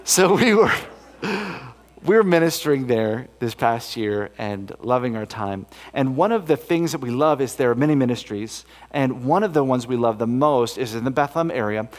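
A man's voice: medium pitch, expressive, normal speed. A man speaking as a missionary at a camp meeting, telling a story in an earnest, folksy way with many fillers and restarts. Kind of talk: storytelling sermon talk. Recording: long hall reverb.

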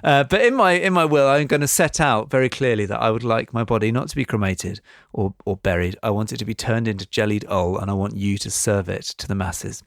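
A man's voice: fairly low pitch, brisk, fairly bright tone, no room sound, clean studio sound. A man co-hosting a podcast, explaining facts in a chatty, giggly way. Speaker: podcast co-host. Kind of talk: casual explanatory chat.

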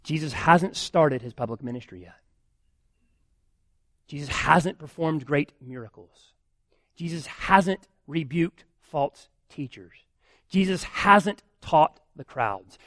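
A man's voice: fairly high pitch, expressive, takes it slowly, a bit bright, no echo, clean studio sound. A man, a pastor, preaching a sermon earnestly, building emphasis with repeated phrases.

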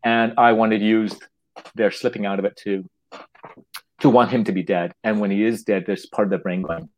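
Fields: Sex: man. Role: playwright. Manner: halting, with restarts. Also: fairly low pitch, fairly even intonation, a little mellow, slight background noise, poor audio. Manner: halting, restarts words, acts out quotes. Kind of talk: casual interview talk.

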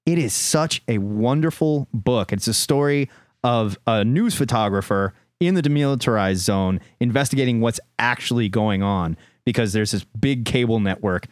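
A man's voice: mid-range voice, moderate pace, no room sound, studio quality. A man co-hosting a comic book podcast, chatting with enthusiasm and hyping his picks. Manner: enthusiastic, hyped announcer bursts. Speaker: podcast co-host.

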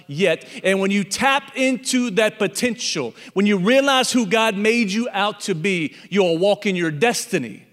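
High-voiced pastor in a reverberant hall. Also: male voice, measured pace, few pauses, fairly bright tone. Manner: storytelling, acting out animal characters in the parable. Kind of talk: sermon.

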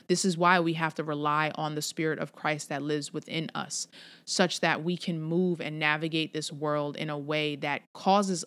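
A woman with a notably low, deep voice gives a relaxed devotional talk. She speaks candidly and conversationally, slipping slang in among scripture verses. She sounds like a young adult speaking to her community. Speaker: Christian speaker addressing her email list.

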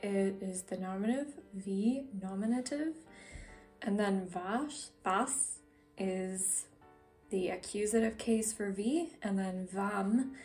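A woman's voice: mid-range voice, slow pace, a little mellow, soft background music. A woman hosting a vlog-style podcast about learning a language, talking casually with many fillers and restarts; English is her first language. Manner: chatty, frequent fillers and self-corrections. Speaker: podcast host.

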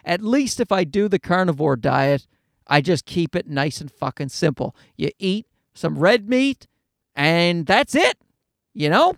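Gravelly high-pitched man vlogging casually. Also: sing-song, unhurried, no echo, clean studio sound. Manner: blunt and profane, with many restarts. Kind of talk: casual personal chat to camera.

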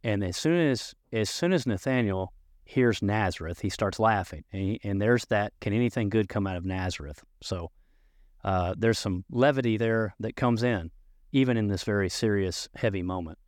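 A man's voice: fairly low pitch, moderate pace, dry recording, studio quality. A man from Nashville, talking thoughtfully and conversationally about a Bible scene. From Nashville, Tennessee. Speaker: discussion participant, seminary graduate. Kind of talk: casual Bible discussion.

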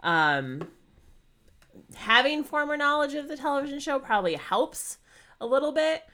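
A woman's voice: high-pitched, very animated, normal speed, sharp tone. A woman co-hosting a podcast, chatting casually in a rambling, giggly way. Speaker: podcast co-host. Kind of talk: casual chat.

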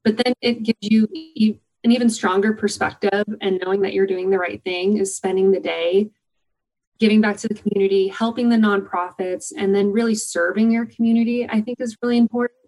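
A woman's voice: mid-range voice, fairly even intonation, fairly quick, darkish tone, low-quality recording. A woman guest in an interview, talking with enthusiasm about the volunteer program she organizes and telling stories from it. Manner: enthusiastic, upbeat storytelling. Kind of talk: conversational interview answers.

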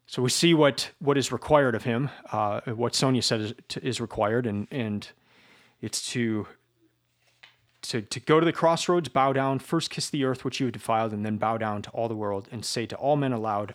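A man giving an informal lecture about a novel, slow and reflective, often repeating his words as he searches for them. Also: medium pitch.

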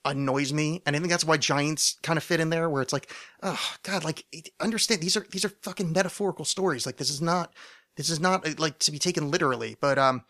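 A man's voice: a little high, fairly bright tone. A man hosting a solo podcast, rambling in a loose monologue with many fillers, restarts and frequent swearing. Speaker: podcast host.

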